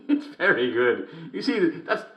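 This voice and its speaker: A man's voice: medium pitch, huge pitch swings, measured pace, a bit bright, echoey room. An actor playing a creepily upbeat male radio comedy host, who chuckles constantly between lines in an in-game radio broadcast. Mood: chuckling.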